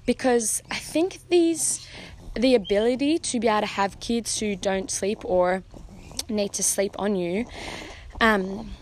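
Young woman, casual heartfelt podcast talk, encouraging, filler-heavy, average pitch, faint background noise. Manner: earnest and encouraging, many fillers like "um" and "like". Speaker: podcast host, mother.

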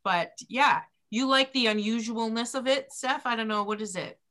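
Bright chatty woman co-host. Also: on the high side, normal speed, a little hiss or hum. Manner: chatty, playful, laughs often. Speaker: podcast co-host, doula. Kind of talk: casual chat.

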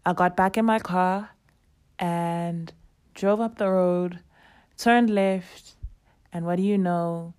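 Casting: young woman, low-ish voice, lively casual storyteller who acts out dialogue. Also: slow, long pauses, clear, resonant tone. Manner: animated, acts out quoted dialogue, laughs often.

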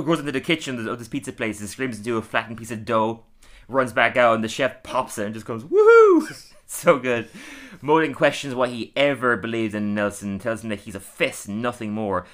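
A man's voice: mid-range voice, fairly even intonation, moderate pace, fairly bright tone. A young man co-hosting a casual review podcast, chatty, often laughing and acting out quoted lines. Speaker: podcast co-host.

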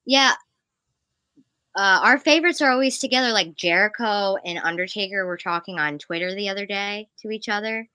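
A woman co-hosting a casual chat over a remote call, her voice bright and forceful. She talks in an excitable, rambling way, hopping from one thought to the next, and the sound is close and dry with no room around it. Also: medium pitch, normal speed, clean tone, dry recording. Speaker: podcast co-host.

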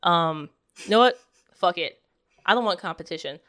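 A woman's voice: fairly low pitch, expressive, moderate pace, a bit bright, no room sound, studio quality. A woman voicing a boastful, crude male bear in a joke she tells, brash and swearing. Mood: cocky.

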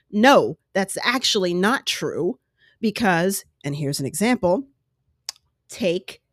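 A middle-aged woman hosts her own podcast, talking candidly and slipping into animated quoted voices. Her pitch swings widely as she goes. The sound is close and completely dry. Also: no room sound. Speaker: podcast host. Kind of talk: solo podcast commentary. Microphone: podcast microphone.

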